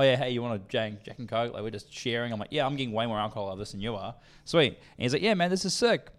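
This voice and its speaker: A young Australian man casually telling a profane, animated story as a podcast co-host, acting out the voices of the people in it. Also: mid-range voice.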